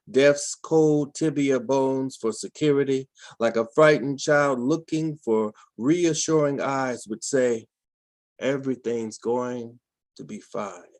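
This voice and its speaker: A man reading a poem aloud at an online open mic in a slow, solemn manner, on a home computer mic over a video call. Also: medium pitch, no room sound. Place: home room, dry sound.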